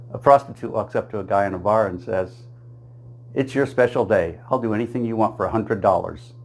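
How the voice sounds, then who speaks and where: A man's voice: lowish voice, moderate pace, pauses often, slight background noise. A man telling a string of jokes in a plain storytelling voice, chuckling at his own punchlines and switching briefly into small character voices for the quoted lines. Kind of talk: joke-telling monologue.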